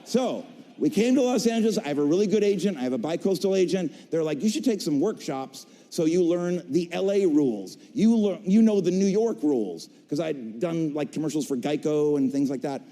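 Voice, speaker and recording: A middle-aged man telling his career story on a convention stage, an animated storyteller who acts out voices and jokes. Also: a little high, fairly quick. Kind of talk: stage talk to a convention audience. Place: large convention hall stage. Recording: long hall reverb.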